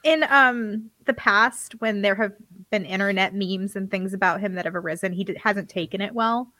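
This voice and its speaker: A woman's voice: medium pitch, normal speed, sharp tone, no room sound. A woman co-hosting a casual podcast chat, chatty and playful, laughing as she talks. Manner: chatty, laughs while talking, playful asides. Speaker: co-host.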